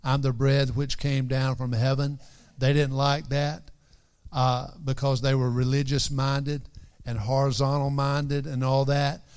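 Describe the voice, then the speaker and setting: A male preacher delivering a sermon at an unhurried pace, his voice smooth and resonant. He talks earnestly, circling back to repeat key phrases, and slips into old-fashioned scripture wording when he quotes. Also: mid-range voice, little pitch movement, a little mellow.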